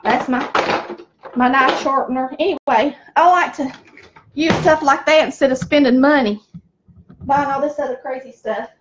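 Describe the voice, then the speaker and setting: Speaking at a moderate pace with long pauses, a high-pitched middle-aged woman with a Southern American accent hosts a casual cooking chat from her home kitchen. She's folksy and chatty, addressing viewers as "y'all." The sound is lo-fi with slight background noise.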